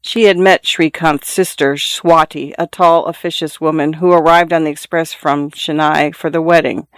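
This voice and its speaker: A man narrating a literary audiobook in a measured, even reading. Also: on the high side, clear, resonant tone, dry recording.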